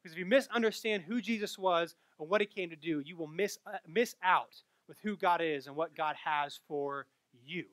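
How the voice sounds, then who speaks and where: Bright high-voiced man preaching. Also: moderate pace, hardly any pauses, dry recording. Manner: animated storytelling, rising loud at punchlines. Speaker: pastor. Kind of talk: sermon with personal stories.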